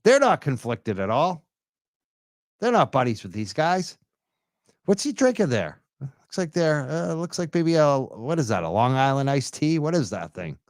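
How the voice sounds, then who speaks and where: Guy riffing sarcastic over a clip, crude jokes, pitch jumping all over, dry close sound. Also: big pitch swings, normal speed, no room sound. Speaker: commentator reacting to event footage. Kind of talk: mocking running commentary over a video.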